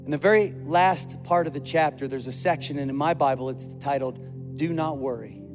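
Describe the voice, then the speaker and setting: A man's voice: a little high, fairly quick. A male pastor preaching a sermon in a chatty storytelling way, acting out the dialogue he quotes. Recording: long hall reverb with faint music.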